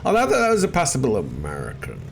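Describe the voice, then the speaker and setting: A man's voice: mid-range voice, wildly swooping pitch, quick pace, vocal fry. Rambling middle-aged man muttering over gameplay. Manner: chatty, self-deprecating, mutters to himself while playing. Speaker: let's play host. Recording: noisy background with seagulls.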